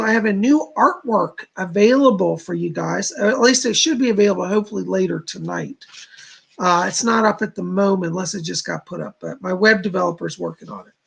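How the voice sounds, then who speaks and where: A man's voice: sits high, creaky, fairly bright tone, husky. A man hosting a casual livestream as a psychic, chatting loosely and reading out viewers' messages. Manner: chatty, rambling, reads chat aloud. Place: home studio.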